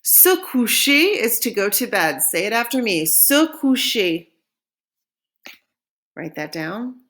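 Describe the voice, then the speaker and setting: A woman leads a recorded French lesson. She says each phrase slowly and clearly so that students can repeat after her, then moves on in an encouraging teacher's voice. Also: mid-range voice, very animated, a bit bright. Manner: slow modeling of phrases for repetition.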